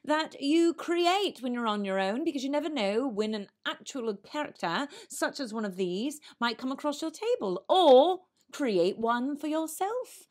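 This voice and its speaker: A woman co-hosts a chat about acting with animated, bantering energy. Her voice sits somewhat high. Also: measured pace, few pauses. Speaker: co-host, acting teacher. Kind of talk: playful casual chat.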